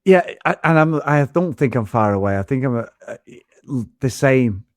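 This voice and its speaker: Animated sweary man ranting. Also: mid-range voice, moderate pace, no echo. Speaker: podcast co-host. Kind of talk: casual film review chat.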